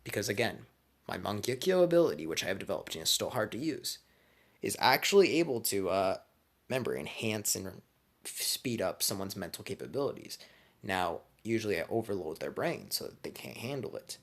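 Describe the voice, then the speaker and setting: A man's voice: fairly low pitch, big pitch swings, a little fast. A man casually telling a made-up fan story, crude, slangy and rambling.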